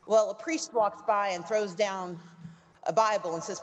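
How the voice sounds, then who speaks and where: A woman's voice: medium pitch, moderate pace. A woman giving a rousing political speech to a labor union gathering, telling a parable story and building to emphatic, repeated lines.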